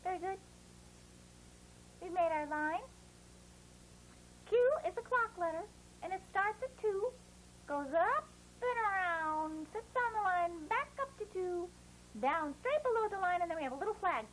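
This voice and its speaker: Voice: extremely high pitch, animated, a little slow, long pauses, fairly bright tone, a little hiss or hum, exaggerated voice, rough recording. A performer voicing a cheerful puppet boy who teaches children to write letters in a bouncy, encouraging, sing-song way. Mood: cheery. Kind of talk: playful kids' lesson.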